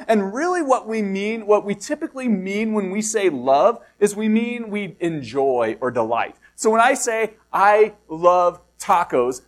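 Middle-aged male pastor, high voice, chatty sermon delivery with rhetorical questions. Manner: reads scripture slowly and low, then preaches conversationally with rhetorical questions; self-deprecating asides.

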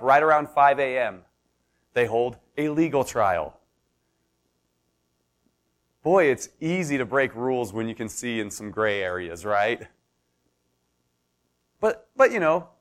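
A pastor preaches a sermon, telling the story conversationally with everyday examples. His storytelling builds in intensity until it reaches an impassioned pitch.

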